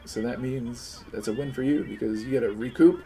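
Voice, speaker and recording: A man hosting a live stream, chatting casually and talking a friend into things in an animated, persuasive way, swearing freely and acting out little pleading voices. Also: mid-range voice, brisk. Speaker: streamer host.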